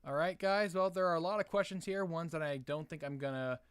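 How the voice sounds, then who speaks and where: A man's voice: on the high side, fairly even intonation, a little fast, fairly bright tone, smooth, no room sound. A young man hosting a casual live stream Q&A, answering chat questions in a hesitant way with many fillers and restarts.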